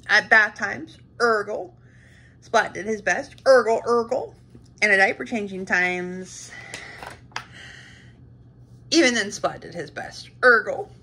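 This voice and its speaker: A woman reading a children's picture book aloud with lively, expressive storytelling. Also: mid-range voice, husky.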